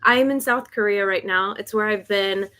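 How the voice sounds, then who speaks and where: A woman's voice: medium pitch, moderate pace, bright, forceful tone. A young adult woman hosting a casual livestream from her home, chatty and a little nervous, laughing often. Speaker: host of a decluttering channel, author. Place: home in South Korea.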